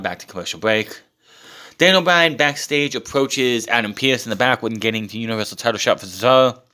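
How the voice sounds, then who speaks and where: A man's voice: mid-range voice, sharp tone, clean tone. A man recapping a show in a casual, blunt and sarcastic way, with swearing and filler words. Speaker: wrestling show reviewer.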